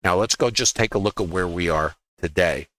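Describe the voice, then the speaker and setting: A trading educator from Brooklyn gives a market lesson over livestream on a laptop mic. His voice is bright but sits low, and he talks fairly quickly with a New York accent, folksy and full of quips and rhetorical questions.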